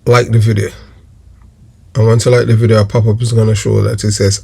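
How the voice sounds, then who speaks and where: A man's voice: on the low side, flat delivery, fairly quick, creaky, a little mellow, breathy edge. A man from Jamaica with a Jamaican accent hosts his own channel, giving casual crime commentary in a rambling way, repeating phrases and filling gaps with "you know" and "um". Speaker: YouTube channel host.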